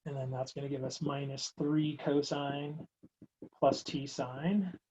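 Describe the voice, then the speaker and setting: A man's voice: medium pitch, flat delivery, slow, a little mellow, lo-fi sound, slight background noise. A man teaching a recorded math lecture, working through steps aloud in a casual, wry way. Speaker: math instructor.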